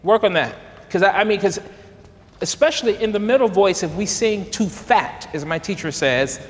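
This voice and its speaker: A man, a tenor, coaching a young singer in a masterclass with an encouraging, animated manner that breaks into laughter. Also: high-pitched, moderate pace. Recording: reverberant hall.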